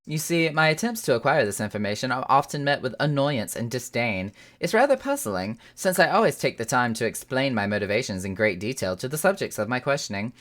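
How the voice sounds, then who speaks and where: Fussy, long-winded woman scholar in a put-on accent, read by a woman, animated delivery. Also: a bass voice, fairly quick, few pauses. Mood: prim. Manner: prim, wordy, rambling.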